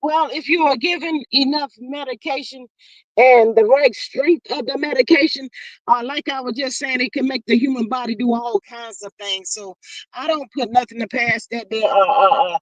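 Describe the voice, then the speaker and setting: A livestream host chatting casually and reading out viewers' comments, folksy and animated, calling people honey and child, with sudden jumps in pitch. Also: normal speed, dry recording, dull audio.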